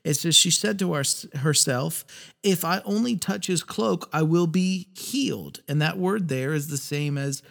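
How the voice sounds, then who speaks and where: A man hosting a faith podcast, talking earnestly and reading scripture passages aloud with pauses. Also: fairly high pitch, creaky, a bit bright. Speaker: podcast host. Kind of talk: reflective faith podcast talk.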